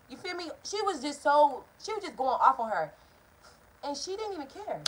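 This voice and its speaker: A young woman telling a personal story in a casual, profane way, jumping between loud outbursts and hushed asides. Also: high voice, very animated, normal speed, rough recording. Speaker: vlogger.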